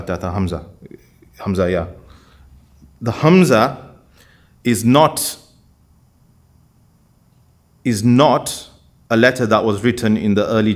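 A man lecturing a class in a deliberate, explanatory way, often pausing to check that his students follow. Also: on the low side.

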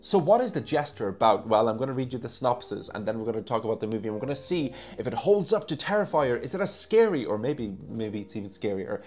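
A man of middle pitch talks through a horror movie review in a relaxed, rambling vlog style, peppering his talk with "like" and casual swearing. He is recorded on a phone microphone, with faint music behind him. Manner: chatty, says "like" often, swears casually. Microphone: phone used as microphone.

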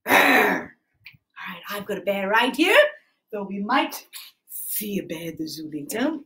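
Leading a livestreamed lesson for little kids, a young teacher from Malaysia speaks in a sing-song, exclamatory voice. Her pitch is mid-range and her delivery slow with long pauses, sounding pushed and bright through the phone or camera.

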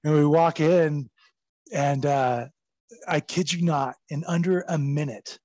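A man telling backstage stories as a guest in a casual interview, animated and profane, laughing as he goes. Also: fairly high pitch, takes it slowly, no echo. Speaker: guest recounting his wrestling career.

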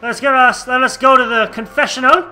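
High, bright young-sounding gamer guy, loud casual commentary. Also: steady tone, brisk, a little hiss or hum. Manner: loud, jokey, swearing. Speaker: let's play gamer.

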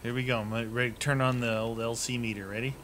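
A man's voice: medium pitch, little pitch movement, fast talker, a bit bright, a little hiss or hum. A man giving casual co-op game commentary, laid-back and wisecracking while he calls out tactics. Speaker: gamer.

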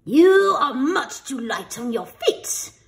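A woman voicing a gruff male beast headmaster in a storybook, giving slow, booming commands. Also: sing-song, heavily acted. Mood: stern booming.

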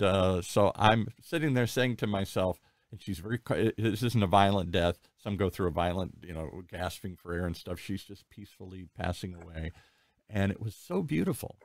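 A man in his sixties hosting an interview, telling personal stories in a candid, rambling, animated way. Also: sits low, creaky, no echo, studio quality. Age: 60s. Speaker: podcast host. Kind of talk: conversational interview.

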